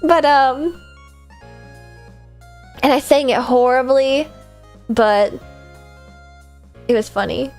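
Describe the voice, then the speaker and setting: A woman's voice: high voice, slow pace, pauses often, soft background music. A woman hosting a casual live-stream Q&A, chatty and rambling, with a self-deprecating streak.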